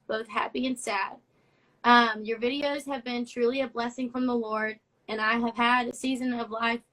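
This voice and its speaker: A woman's voice: on the high side, fairly bright tone, low-quality recording. A young woman hosting a casual live stream, reading fan notes aloud in a chatty, effusive way. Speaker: host of a live social media show.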